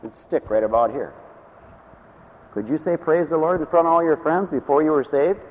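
Preaching pastor with lively swinging pitch. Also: male voice, normal speed, big-room sound, poor audio. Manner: swings between loud preaching and hushed, low storytelling. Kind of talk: sermon.

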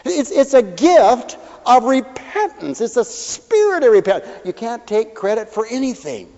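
Folksy high-voiced man preaching. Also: normal speed. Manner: folksy, animated, acts out voices. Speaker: pastor. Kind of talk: sermon. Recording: dull hall recording with long reverb.

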